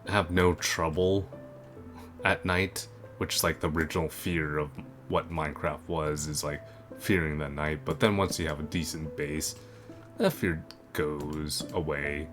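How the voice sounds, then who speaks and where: A very deep, fairly bright male voice keeps a measured pace and a fairly even intonation. He's a gaming video creator narrating gameplay in a rambling, casual way, correcting himself and using lots of fillers, with game music running underneath.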